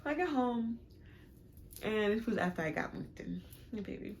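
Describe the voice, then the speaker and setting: A young woman casually telling a storytime vlog about her relationship, animated and dramatic, with sudden high jumps when she acts out arguments. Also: moderate pace, slight background noise. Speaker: vlogger.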